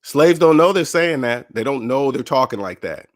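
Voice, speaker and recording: A man with a mid-range voice speaks at a moderate pace as he hosts his own personal finance channel. His tone is casual and motivational, and he animatedly acts out other people's voices when quoting them in his stories.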